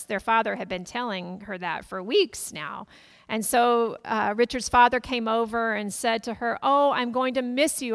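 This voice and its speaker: A woman pastor preaching a sermon, gently retelling a family story to her congregation. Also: on the high side. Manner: gentle storytelling, quoting family members softly.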